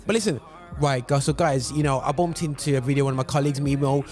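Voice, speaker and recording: A man's voice: mid-range voice, fast, darkish tone. Male presenter talking loosely over faint music. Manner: conversational, many fillers, digresses. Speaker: radio presenter. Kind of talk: casual spoken commentary.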